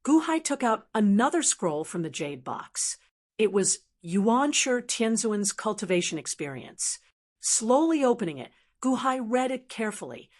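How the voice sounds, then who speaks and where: A woman narrating a fantasy novel audiobook in a steady, even reading style. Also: a little high, unhurried. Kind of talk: scripted narration.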